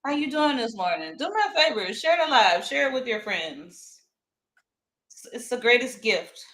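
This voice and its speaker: A woman from Louisiana hosting a casual morning live stream, chatty and warm with viewers, greeting them by name and laughing often. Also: mid-range voice.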